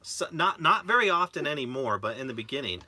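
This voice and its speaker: A middle-aged man from Hawaii co-hosting a live RV chat, relaxed and telling stories. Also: fairly high pitch, fast, no echo. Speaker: co-host of an RV chat show.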